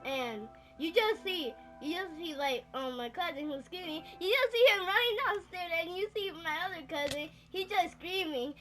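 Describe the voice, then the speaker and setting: High-voiced young woman chiming in. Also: lively intonation, moderate pace, few pauses, sharp tone, faint music behind. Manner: chiming in, laughing. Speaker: co-storyteller. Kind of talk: casual storytelling chat.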